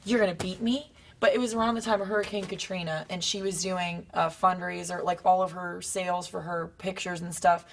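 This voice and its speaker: A young woman wrestler telling stories in a casual interview, acting out quotes with sudden high bursts. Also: fairly even intonation, fairly quick, creaky, few pauses, a little hiss or hum.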